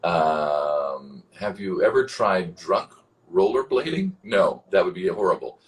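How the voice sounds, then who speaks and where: A man's voice: sits low, animated, slow pace. A man in his fifties reading out fan questions and answering them in a casual, rambling way, swearing freely. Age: 50s. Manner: reads fan questions aloud, then answers. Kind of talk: livestream Q&A.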